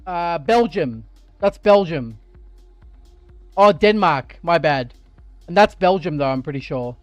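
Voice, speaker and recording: An Australian man chatting on a live stream while sim racing, thinking out loud and getting excited. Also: fairly high pitch, slow, no echo, soft background music. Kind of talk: live-stream gaming chat. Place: home sim racing rig.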